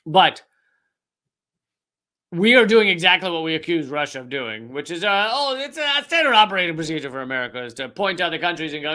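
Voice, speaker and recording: A man's voice: a little high, very animated, a little fast, pushed and bright. A man hosting a comedic political commentary show, talking to camera in a sarcastic, profane monologue with rambling asides.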